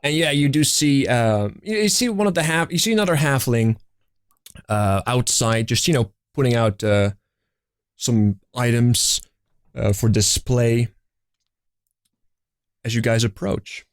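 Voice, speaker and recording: A man's voice: medium pitch, expressive, unhurried, long pauses, clear, resonant tone, dry recording. A man in a middle register runs a tabletop game, describing scenes in a loose, rambling way. His voice is close and dry with no room around it, and he often restarts his sentences. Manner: rambling, many restarts and fillers. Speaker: game master.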